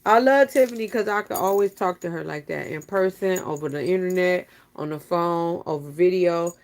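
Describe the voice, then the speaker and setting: A woman's voice: lowish voice, normal speed. A woman chatting casually on a live stream, teasing and talking straight to her viewers.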